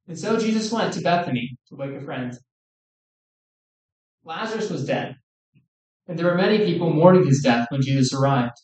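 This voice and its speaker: Male preacher, earnest sermon delivery, slightly high voice, far off in an echoey hall. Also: lively intonation, darkish tone. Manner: earnest, measured, quoting scripture. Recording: echoey room, distant mic.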